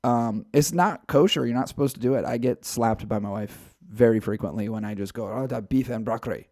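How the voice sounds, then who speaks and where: A man's voice: medium pitch, a little fast, a little mellow, no room sound, clean studio sound. A man co-hosting a casual podcast, talking in a loose, rambling way with fillers. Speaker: podcast co-host.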